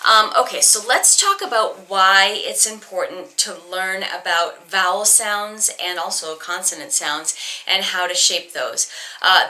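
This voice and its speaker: A Boston woman gives a recorded singing lesson, chatty and explanatory, with lots of ums and restarts. She keeps to a neutral American accent, trying to hide her Boston roots, and her mid-range voice comes across bright and forceful.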